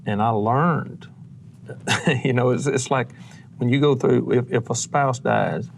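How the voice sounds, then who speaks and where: A man in his fifties, a songwriter, telling his story on a TV talk show in a halting, reflective way. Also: mid-range voice, vocal fry, a little hiss or hum. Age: 50s. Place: TV studio.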